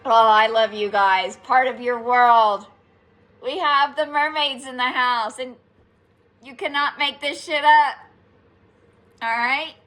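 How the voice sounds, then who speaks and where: A woman's voice: sits high, slow pace, long pauses, fairly bright tone. A woman giving a casual, playful spiritual reading to her viewers, chatting, laughing often and swearing lightly. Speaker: tarot reader.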